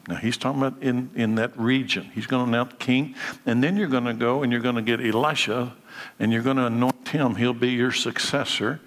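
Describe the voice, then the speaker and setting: Male pastor, sermon delivery, mid pitch, long reverb of a church hall. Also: fairly even intonation, fairly quick. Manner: preaching with rhetorical questions and acted-out dialogue.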